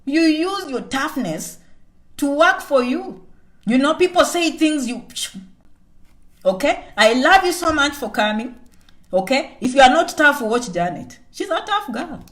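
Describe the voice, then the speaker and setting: A woman's voice: sits high, big pitch swings, measured pace, a bit bright. A woman from Kenya giving an emphatic motivational live-stream chat, often speaking of herself in the third person and checking in with "okay?". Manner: emphatic, repetitive, keeps asking "okay?". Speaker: vlogger.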